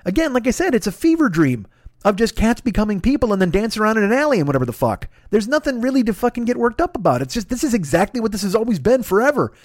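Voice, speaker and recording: A man's voice: high-pitched, no echo, studio quality. A man hosting his own podcast, ranting in a profane, sarcastic solo comedic monologue. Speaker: podcast host.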